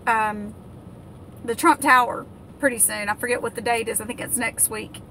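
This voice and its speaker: An indignant American woman vents in a heated political rant, her high, bright voice tripping over fillers and false starts. She sounds livid throughout. Faint background noise sits under the recording. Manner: angry, indignant, with many fillers and restarts. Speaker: political vlogger.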